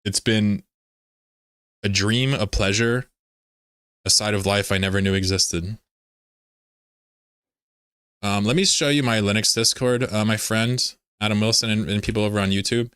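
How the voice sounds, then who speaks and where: A man's voice: on the low side, steady tone, measured pace, long pauses, fairly bright tone, clean tone, no echo, studio quality. A man hosting a casual livestream, rambling, laughing often and reading chat messages aloud. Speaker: livestream host.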